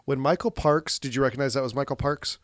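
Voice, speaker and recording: A man's voice: mid-range voice, fast talker, no room sound, clean studio sound. A man co-hosting a casual movie podcast, rambling, laughing often and swearing casually. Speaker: podcast co-host.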